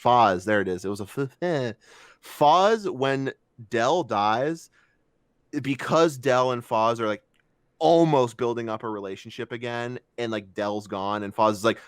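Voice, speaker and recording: A man's voice: medium pitch, a little slow, clean tone, dry recording. A young man co-hosting a podcast, telling stories animatedly with plenty of swearing. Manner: animated, swearing, emotional storytelling. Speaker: podcast co-host. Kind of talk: casual podcast chat.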